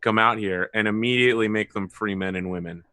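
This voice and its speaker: A man playing at a tabletop game, chatting in a brisk, decisive way. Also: fairly low pitch, steady tone, bright, forceful tone. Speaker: player. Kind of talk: casual game table chat.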